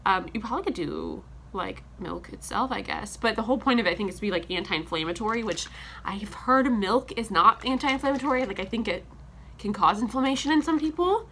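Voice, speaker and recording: A young woman vlogger chats casually while making breakfast in her home kitchen, her mid-range, fairly bright voice moving a little fast over slight background noise. Congested from a sinus infection and a little out of breath, she rambles, says "like" constantly, and laughs often.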